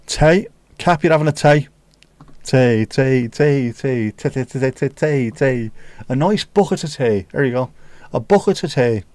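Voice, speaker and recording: A man's voice: mid-range voice, expressive, a little slow, a little mellow. A man hosting a livestream, chatting casually and teasing as he reads out viewer comments with sweary banter. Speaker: livestream host.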